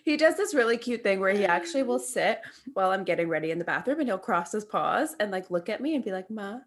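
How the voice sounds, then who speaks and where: A woman's voice: medium pitch, fast. A young adult woman co-hosting a podcast, telling stories with lots of laughter and casual swearing. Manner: animated storyteller, laughs often, swears freely. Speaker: podcast co-host. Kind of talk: casual chat.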